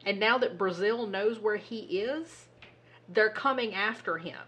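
Husky, animated woman podcast host. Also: mid-range voice, a little slow. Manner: animated, exasperated storytelling with swearing. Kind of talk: casual chat.

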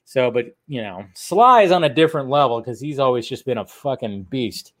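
A man's voice: mid-range voice, lively intonation, normal speed. A man hosting a podcast, rambling through entertainment news with plenty of fillers, swearing and laughs. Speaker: podcast host. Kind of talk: casual solo news chat.

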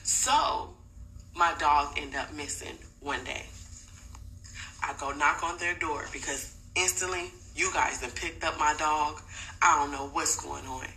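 A mother telling a personal story in a casual, animated and blunt way, swearing freely. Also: sits low, unhurried, slight background noise, rough recording.

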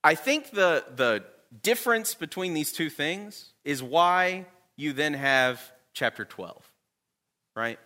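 A man's voice: on the high side, expressive, slow pace, sharp tone. A man teaching a Bible class in a conversational way, often checking in with his listeners.

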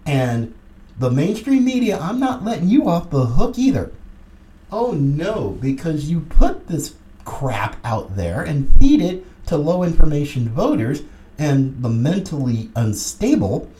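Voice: mid-range voice, a little slow. A middle-aged podcast host giving a combative, sarcastic political commentary monologue. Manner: combative and sarcastic, lively emphasis. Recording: roomy echoey room.

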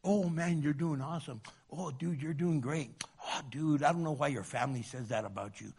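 Brief: a man doing a casual sweet-talking pal, low and relaxed. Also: normal speed. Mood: coaxing. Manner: lazy, smooth-talking, dismissive. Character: flattering drinking buddy, laid-back young man.

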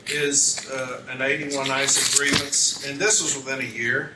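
A man serving as a union advocate at an arbitration hearing questions a witness methodically in a medium-pitched, level, unhurried voice. He reads documents aloud and corrects page numbers, captured by a distant mic in an echoey room with background noise.

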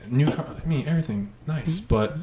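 A young man telling a long, profane story in a casual podcast chat, animated and swearing freely. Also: fairly high pitch, a little fast, echoey room, background noise.

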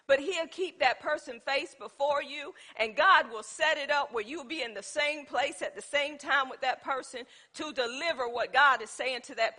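A woman's voice: sits high, pushed and bright. A woman giving an informal Bible teaching, who tells stories from her own life and asks her listeners questions. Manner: tells personal stories as examples.

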